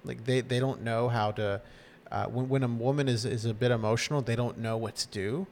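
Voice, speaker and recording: A man's voice: medium pitch, fairly quick, a little hiss or hum. A man co-hosting a podcast, casually recapping a TV episode and acting out the characters' lines. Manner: animated retelling, acting out lines. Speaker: podcast co-host recapping a show. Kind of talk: casual chat.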